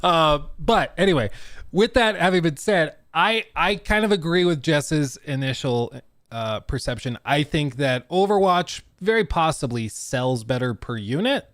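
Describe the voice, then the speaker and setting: A young adult man co-hosting a casual podcast, animated and acting out quotes with big pitch swings. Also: measured pace, no echo, clean studio sound. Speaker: podcast co-host.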